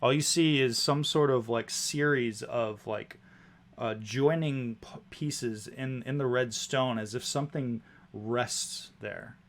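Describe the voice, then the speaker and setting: A man's voice: medium pitch, slow pace. A man narrating a tabletop game as game master, describing scenes with casual fillers.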